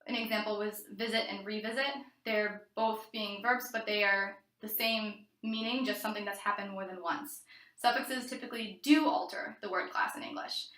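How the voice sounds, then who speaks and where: Student presenter, woman, crisp bright tone, reads her notes with small stumbles, echoey room. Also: fairly high pitch. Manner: reads from notes, occasional fillers and restarts. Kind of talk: read-aloud class presentation.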